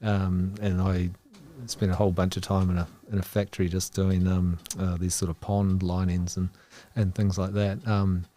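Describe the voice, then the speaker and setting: Low-voiced New Zealand man rambling. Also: level tone, normal speed, few pauses, mellow. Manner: rambling, laughs between phrases. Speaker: guest. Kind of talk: casual storytelling.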